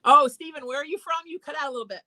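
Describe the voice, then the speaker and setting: Her voice is high-pitched and sharp, and she talks very fast. The woman, a psychic of Irish heritage, hosts a call-in talk show where she offers callers earnest, encouraging advice conversationally.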